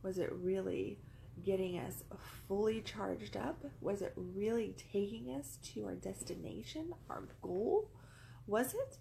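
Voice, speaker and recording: Gravelly-voiced woman telling a rambling story. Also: mid-range voice, lively intonation, unhurried, mellow, slight background noise, low-quality recording. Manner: rambling, repeats phrases for emphasis. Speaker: vlogger. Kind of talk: casual storytelling monologue. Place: indoors among pillows.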